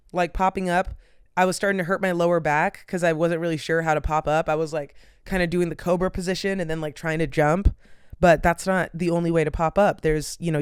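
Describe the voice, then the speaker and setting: A woman's voice: sits low, smooth, no room sound, clean studio sound. A tired, yawning young woman hosting a podcast, chatting casually and rambling with lots of "like" and "um". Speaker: podcast host. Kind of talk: casual solo chat.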